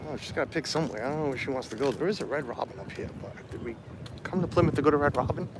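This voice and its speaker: A man's voice: mid-range voice, lively intonation, racing, very noisy. A man, fighting a cold, chatting casually on a live stream outdoors and answering viewers' comments. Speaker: vlogger livestreaming. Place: outdoors on a hot town street.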